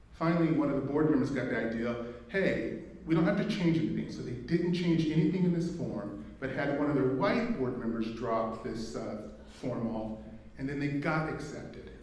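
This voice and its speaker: A man's voice: mid-range voice, a little mellow. A man from Indiana giving a keynote speech as executive director, conversational and humorous, telling personal stories and asking the audience questions. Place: event hall. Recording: echoey hall, mic far off.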